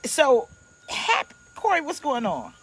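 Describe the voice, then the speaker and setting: Playful woman pastor, high voice. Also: wildly swooping pitch, slow pace. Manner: playful, chatty, greets viewers by name. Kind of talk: casual livestream preaching. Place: at home.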